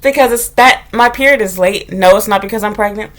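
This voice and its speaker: A woman's voice: mid-range voice, a little fast, a bit bright. A woman from the United States, talking bluntly and profanely in a casual vlog monologue. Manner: blunt, profane, candid storytelling. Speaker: vlogger.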